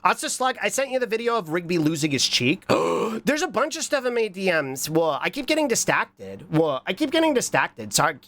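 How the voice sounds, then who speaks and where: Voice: mid-range voice, big pitch swings, fairly quick, few pauses, a bit bright. Stuffy nosed streamer, voice jumps all over, keeps saying what while reading chat. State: stuffy nose from a cold. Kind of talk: casual live-stream chat. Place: hot room indoors.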